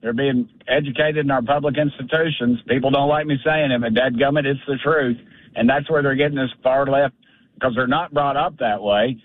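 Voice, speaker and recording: A man's voice: mid-range voice, fairly even intonation, a little fast, no echo. A man, a congressman calling in by phone, talking bluntly and with fire in a folksy way. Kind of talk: phone call-in interview. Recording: tinny phone line.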